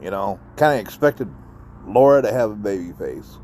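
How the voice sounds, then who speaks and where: Male listener voice message: mid pitch, lively swings, easygoing storyteller. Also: normal speed, a little hiss or hum. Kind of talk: recorded voice message.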